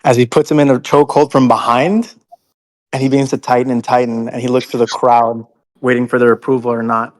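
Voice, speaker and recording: Male player, calm matter-of-fact action narration. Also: mid-range voice, a little fast, low-quality recording. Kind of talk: describing character actions in a tabletop game.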